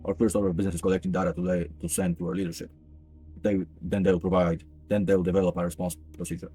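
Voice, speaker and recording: A man putting on a deadpan government agent who keeps his voice low and even. He sounds measured and reassuring, a bureaucrat doing a game's dialogue with quick delivery. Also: slightly rough, faint music behind. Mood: calm official. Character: adult male government agent, calm and bureaucratic.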